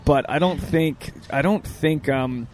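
A man hosting a casual comedy podcast in a bar, talking in halting starts and restarts. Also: on the high side, a little mellow, a little hiss or hum. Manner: halting, restarts often, laughs easily. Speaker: podcast host.

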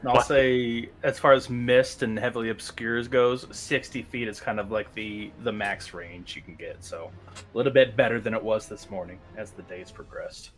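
A man's voice: on the low side, normal speed, soft background music. A man acting as game master, narrating a tabletop game in a casual way with frequent fillers and restarts.

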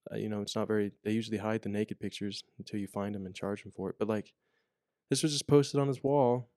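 Young man, low-ish voice, rambling casual podcast storyteller. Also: steady tone, quick pace, darkish tone, no echo, studio quality. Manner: rambling, with many fillers and restarts. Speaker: podcast co-host, corrections officer. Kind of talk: casual chat.

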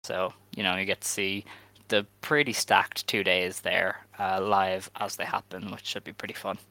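A low-pitched man with a bright, forward tone, talking casually as a podcast co-host. He hesitates often and fills gaps with ums. The sound is dry and close. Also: normal speed, no echo, poor audio. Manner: relaxed, hesitant with many fillers. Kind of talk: casual chat.

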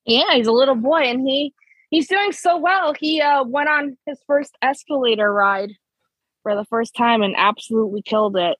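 Female co-host, American accent, husky, dry sound, words run together. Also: sits high, moderate pace, fairly bright tone, dry recording, rough recording. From Chicago area, USA. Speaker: podcast co-host. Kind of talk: casual chat.

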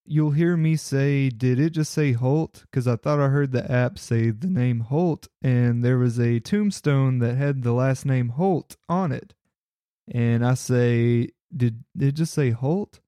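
A man's voice: medium pitch, takes it slowly, mellow, clean tone, dry recording, studio quality. A man narrating his own paranormal recordings, earnest and speculative, in a casual voice-over. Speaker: paranormal investigator.

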